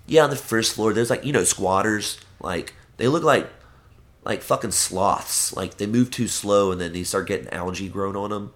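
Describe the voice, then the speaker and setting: A man's voice: lowish voice, moderate pace, a bit bright. A young man in casual chat, telling stories with lots of swearing and acting out the voices of people in them.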